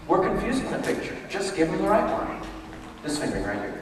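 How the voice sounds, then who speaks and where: A man leads a motivational workshop for a group, telling stories with animated delivery. His pitch sits high and swings widely as he acts out each quote. He is caught from far off in a big, echoing hall with faint room noise behind him. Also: fast. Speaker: leadership workshop presenter. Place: large room with tables, echoey.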